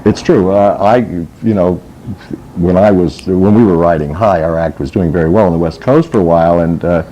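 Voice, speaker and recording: A man's voice: deep voice, normal speed, mellow, lo-fi sound, slight background noise. A male comedian giving straight-faced, rambling answers with many hesitations in a mock interview.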